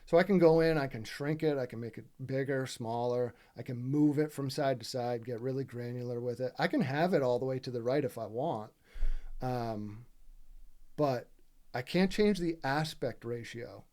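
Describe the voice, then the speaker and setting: A man's voice: mid-range voice, normal speed, dark tone. Exasperated man ranting over game clips. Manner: exasperated, profane, keeps asking "right?". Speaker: gaming video creator. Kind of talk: casual commentary over gameplay footage.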